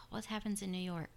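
A woman's voice: medium pitch, gravelly. A middle-aged woman hosting a casual podcast, rambling and drifting off topic as she tells a story. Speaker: podcast host.

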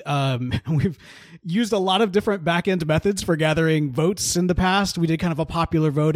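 A man co-hosting a podcast in casual chat, animated and playful, laughing often. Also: fairly high pitch, dry recording, clean studio sound. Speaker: podcast co-host.

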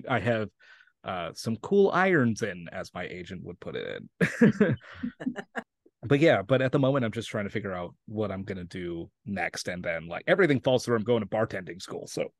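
A man's voice: on the low side, sing-song, normal speed, no room sound, studio quality. A young man from New Mexico, an actor guest talking casually in an interview, rambling with lots of fillers and frequent laughs. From Santa Fe, New Mexico.

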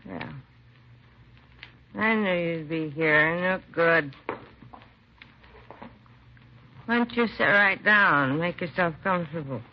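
A woman's voice: lowish voice, expressive, measured pace, slight background noise. An actress playing a drunk, grieving young mother in her late twenties, weary and slurring, in an old radio crime drama. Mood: slurred. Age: late 20s. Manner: slurred, weary, self-accusing. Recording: dull lo-fi old radio recording.

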